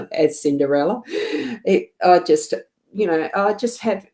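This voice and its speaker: A middle-aged woman with an Australian accent from South Australia, giving a gentle, meandering live card reading from her home desk, full of fillers and self-corrections. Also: medium pitch, lively intonation, measured pace. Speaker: psychic card reader.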